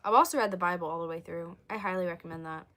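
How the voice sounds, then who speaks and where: A young woman chatting on a livestream, rambling and answering viewer comments, her voice going hoarse. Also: lowish voice, racing, fairly bright tone. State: losing her voice, coughing. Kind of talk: casual livestream chat.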